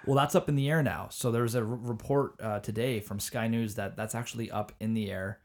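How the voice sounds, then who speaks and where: Casting: male podcast host, casual and animated, stumbles into his points. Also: on the low side, a little fast. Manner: animated, repeats words when starting a point. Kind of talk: casual sports podcast chat.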